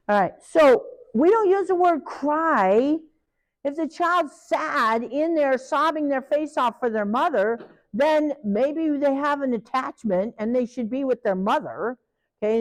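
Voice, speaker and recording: Animated woman leading a training session. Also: fairly high pitch. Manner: animated, acts out parents and children in quoted voices. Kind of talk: training talk to a live group.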